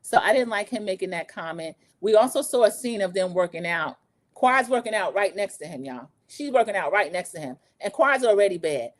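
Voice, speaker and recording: A woman in her forties hosting a casual livestream recap, gossipy and animated, talking straight to her viewers. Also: medium pitch, a little fast. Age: 40s. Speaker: show recap host.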